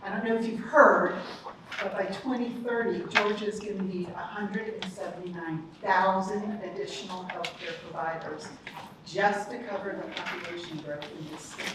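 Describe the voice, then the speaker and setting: A woman's voice: on the low side, steady tone, normal speed. A woman, a college dean giving an upbeat, chatty ceremony speech that speaks straight to the audience. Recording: echoey hall, distant mic, background noise.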